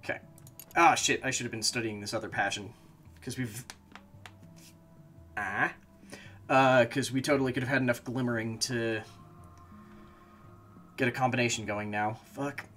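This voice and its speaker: A man's voice: medium pitch, normal speed, pauses often, fairly bright tone. A man streaming a game, talking to himself as he plays and breaking into frustrated, swearing outbursts. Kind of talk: casual gameplay commentary.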